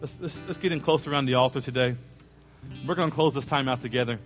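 Guy pastor preaching, storytelling, mid-pitch voice, faint guitar behind. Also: quick pace. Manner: animated storyteller, acts out quoted voices, jokes with congregation. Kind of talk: sermon with storytelling. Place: church sanctuary.

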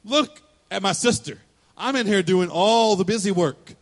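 A man's voice: high-pitched, moderate pace. A man putting on a fed-up, complaining woman. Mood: exasperated. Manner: pleading, indignant.

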